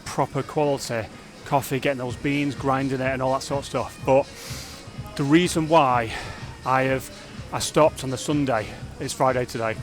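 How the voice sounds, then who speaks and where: A man talking casually to camera in a fitness vlog, energetic and rambling, reflecting openly on his days. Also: mid-range voice, normal speed, hardly any pauses, soft background music. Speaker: fitness vlogger.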